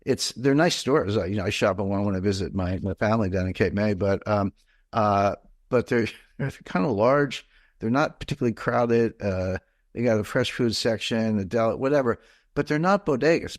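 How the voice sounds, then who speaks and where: A man's voice: lowish voice, dry recording, clean studio sound. A middle-aged man from the mid-Atlantic United States, talking as an interview guest in a rambling, digressive way with many fillers and restarts. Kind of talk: conversational interview.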